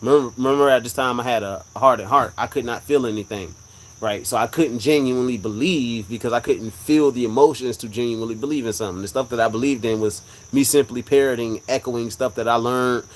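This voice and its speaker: A man's voice: mid-range voice, a little fast, slight background noise, rough recording. Earnest man telling a story on a live stream. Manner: earnest, repetitive, emphatic storytelling. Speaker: livestream host sharing a religious testimony. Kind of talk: live-stream casual talk.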